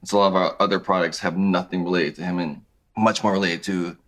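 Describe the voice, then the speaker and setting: A man in his thirties, a podcast guest talking about his clothing brand in a relaxed, conversational way. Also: sits low, quick pace. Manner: relaxed, conversational, thinks aloud with restarts. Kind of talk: casual interview chat.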